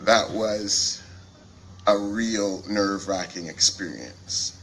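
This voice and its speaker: Slow, bright-voiced man giving a speech. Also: on the low side, a little hiss or hum, low-quality recording. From Canada. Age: 40s. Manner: self-deprecating, jokey, openly emotional. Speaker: company CEO giving a speech. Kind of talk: joking public speech at a launch event. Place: event hall before an audience.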